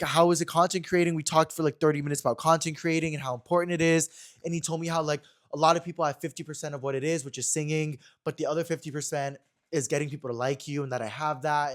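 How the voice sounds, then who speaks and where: An excitable young man, chatting away on his own podcast. His voice sits a little high for a man, and he rattles through the story quickly with lots of energy. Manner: chatty, fast, animated storytelling. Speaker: podcast host. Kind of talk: casual chat.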